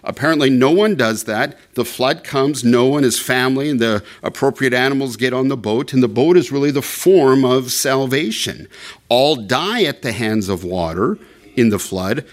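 A man's voice: mid-range voice, expressive, moderate pace. A man preaching an expository sermon, explaining a scripture passage verse by verse with frequent fillers and restarts. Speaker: pastor.

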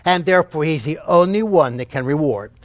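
A man's voice: on the high side, expressive, fairly quick, dry recording. A man preaching a sermon, telling jokes and repeating key phrases for emphasis.

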